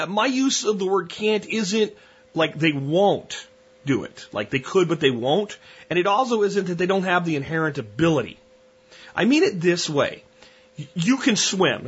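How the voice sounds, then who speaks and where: A husky, slightly breathy man's voice, pitched a bit higher than most, delivering a blunt, opinionated podcast monologue. He rambles through long analogies with frequent restarts. The audio is dull and lo-fi. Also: a bit bright. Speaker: podcast host.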